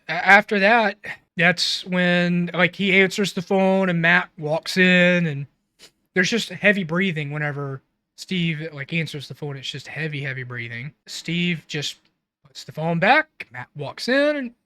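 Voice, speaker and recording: A man's voice: a little high, bright, forceful tone, smooth, dry recording. A man co-hosting a casual film review podcast, recapping scenes in a blunt, rambling way and swearing freely. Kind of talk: casual chat.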